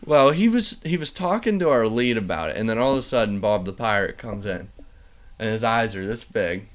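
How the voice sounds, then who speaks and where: A man's voice: on the low side, expressive, brisk. A young man hosting a casual podcast chat, telling rambling, profane work stories full of likes. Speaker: podcast host.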